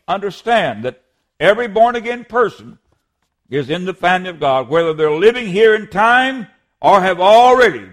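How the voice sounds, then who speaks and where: A man preaching a sermon as a pastor, earnest and emphatic, sometimes restarting a word. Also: a little high.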